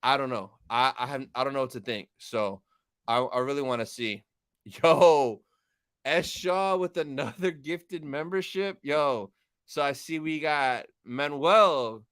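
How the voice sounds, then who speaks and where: A man's voice: mid-range voice, unhurried, a bit bright, clear, resonant tone, no echo, clean studio sound. A young man hosting a live stream, casually chatting with viewers, reading chat aloud and thanking them.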